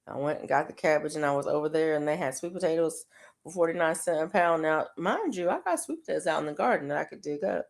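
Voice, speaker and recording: Crocheting as she goes, a middle-aged woman talks casually with her live-stream viewers, rambling, laughing often and saying um a lot. She has a deep, gravelly voice and a brisk pace.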